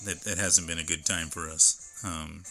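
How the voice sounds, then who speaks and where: A man's voice: low-pitched, steady tone, normal speed, bright, forceful tone, faint music behind. A man streaming live from home, chatting casually and reading labels aloud as he unboxes. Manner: rambling, stops to read can labels aloud.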